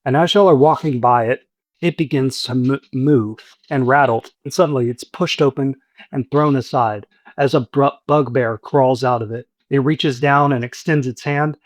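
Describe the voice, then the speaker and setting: A man's voice: medium pitch, normal speed, dry recording. A man narrating as game master of a tabletop game, describing scenes steadily with frequent fillers.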